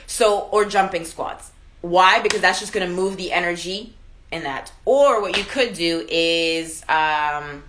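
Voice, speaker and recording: Chatty young woman with a bright voice. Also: mid-range voice. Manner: chatty, reads and answers viewer comments, laughs often. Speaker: live-stream host. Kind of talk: casual live-stream chat.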